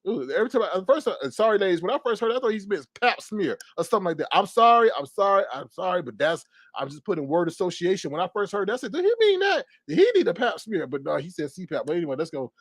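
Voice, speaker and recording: Male streamer, commentary rant; sassy and quick, mocking impressions; bright high pitch, dry room. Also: no room sound. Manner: animated, sassy, fast-talking with mocking impressions.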